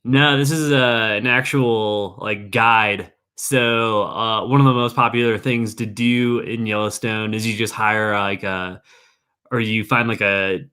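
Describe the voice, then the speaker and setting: A man's voice: fairly low pitch, fairly even intonation, measured pace, bright, forceful tone, clear, resonant tone. Rambling young guy telling stories. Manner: rambling, heavy on fillers. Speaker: park worker telling stories. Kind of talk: casual podcast chat.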